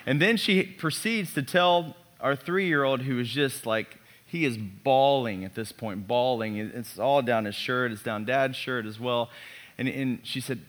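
A man in his thirties, a pastor preaching a sermon built around a personal story, animated and self-mocking. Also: mid-range voice, a little slow.

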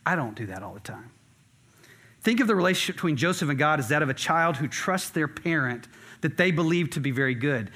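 A man's voice: a little high, a bit bright. A middle-aged man preaching a sermon as a pastor. He tells stories in a conversational way and stresses his points earnestly. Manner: conversational storytelling with earnest emphasis.

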